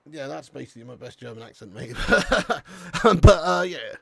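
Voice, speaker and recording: A man's voice: medium pitch, moderate pace, creaky, no room sound. An English man hosting a live football watch-along, calling the match, reading out chat messages and calling people lad and mate. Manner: lively, chatty, says lad and mate a lot.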